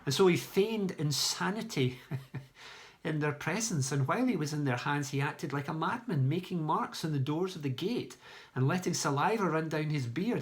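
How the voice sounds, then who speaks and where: A man's voice: on the high side, animated, moderate pace. A man from a church reading a Bible story aloud, adding plain storytelling asides as he goes. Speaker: church leader.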